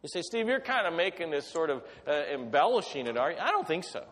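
A man's voice: fairly high pitch, sing-song, fast talker, a bit bright. Storytelling preacher man in a reverberant hall. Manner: storytelling with acted voices, conversational. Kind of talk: sermon.

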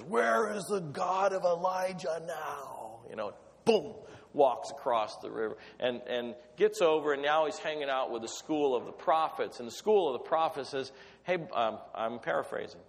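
A man's voice: mid-range voice, moderate pace. A man preaching a sermon, telling Bible stories in a conversational way and acting out the voices of the characters. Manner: storytelling with acted voices, conversational. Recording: long reverb of a hall.

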